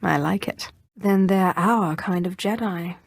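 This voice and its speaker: A woman's voice: on the low side, unhurried, vocal fry, dry recording, studio quality. An actress voicing a proud, commanding female Sith sorcerer in a video game, assured and imperious. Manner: assured, imperious, with softer intimate asides. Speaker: game player character.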